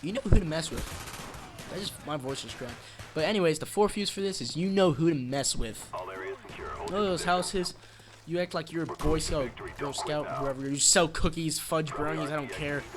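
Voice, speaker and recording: A man hosting his own channel, rambling through dark jokes and cutting himself off mid-sentence. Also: fairly high pitch, moderate pace, crowd noise. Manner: rambling, dark-joking, self-interrupting. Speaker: channel host. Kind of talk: joking rambling vlog.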